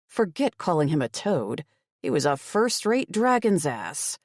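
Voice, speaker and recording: A woman giving expressive, wry first-person audiobook narration on a close studio mic. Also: low-pitched, a little slow, no room sound.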